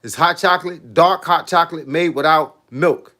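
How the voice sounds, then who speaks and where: A man's voice: fairly high pitch, normal speed, bright, forceful tone. A middle-aged man, a fitness coach chatting casually with viewers on a live stream, laid-back and laughing often. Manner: laid-back, repeats "hey, look" and "bro", laughs often.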